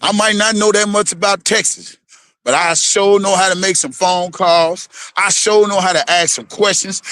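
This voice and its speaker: Fired-up man ranting, bright voice. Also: high-pitched, moderate pace, no room sound. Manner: animated, profane, repetitive preaching tone. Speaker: vlogger. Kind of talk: heated rant to camera.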